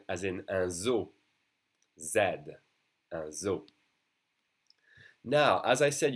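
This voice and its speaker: A young man from France with a French accent, teaching a beginner language lesson and patiently repeating words slowly for practice. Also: on the low side.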